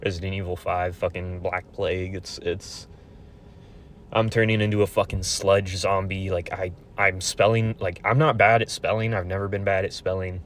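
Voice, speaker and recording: A man's voice: low voice, flat delivery, moderate pace, a bit bright, slight background noise. A man in his twenties ranting in a casual, profane, rambling way with frequent restarts. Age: 20s. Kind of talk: casual venting monologue.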